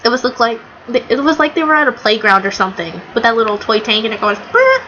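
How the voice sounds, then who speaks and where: A woman gushing through a casual video review in a fairly high voice, rambling and tossing in fillers. The sound is dull and lo-fi. A faint hiss sits behind her. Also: fairly even intonation, quick pace, bright, forceful tone. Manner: chatty, gushing, rambling with fillers and quoted lines. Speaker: anime reviewer.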